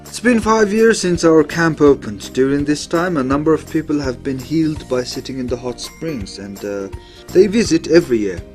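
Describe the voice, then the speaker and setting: A man's voice: fairly high pitch, animated, moderate pace, darkish tone, soft background music. A man who works at a hot spring camp, answering questions in an informative, matter-of-fact way.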